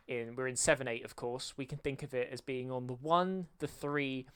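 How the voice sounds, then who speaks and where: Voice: medium pitch, fairly even intonation, measured pace, clean tone. A video creator explaining music theory in a lesson, counting beats aloud and singing rhythms to show them. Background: faint music playing.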